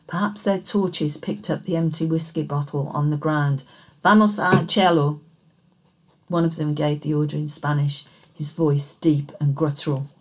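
Low-voiced woman narrating a thriller. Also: steady tone, moderate pace, darkish tone. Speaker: audiobook narrator. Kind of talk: scripted first-person narration.

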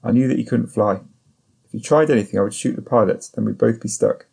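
A man reading a thriller audiobook in first person, at a steady, measured pace. His voice is low and gravelly, with a dark, slightly husky tone. The delivery stays even and controlled. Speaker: audiobook narrator. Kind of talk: scripted first-person narration.

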